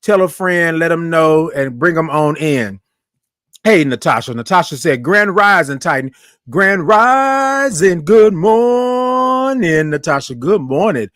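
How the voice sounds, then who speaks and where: Expressive and fairly bright in tone, a slightly high-voiced man hosts a casual morning live stream, peppering his friendly, relaxed Southern-style chat with "y'all." He sings out viewers' greetings slowly and at length. The recording is dry and close, lacking room sound.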